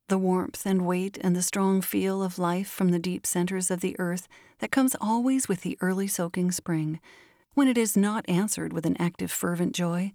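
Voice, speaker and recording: A woman host reading a classic short story aloud in measured, deliberate scripted narration. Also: on the low side, warm tone, dry recording, clean studio sound. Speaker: host and reader.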